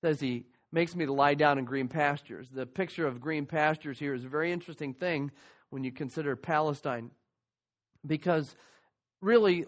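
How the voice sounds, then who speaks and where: A man preaching a sermon, teaching earnestly and reading scripture aloud. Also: high voice. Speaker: pastor.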